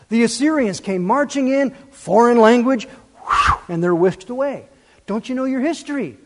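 A man preaching a sermon, animated and full of rhetorical questions, swinging between loud and soft. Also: sits high. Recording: long reverb.

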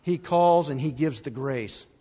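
A man preaching a sermon as pastor, animated and emphatic, with asides and brief laughs. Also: on the high side, measured pace, big-room sound.

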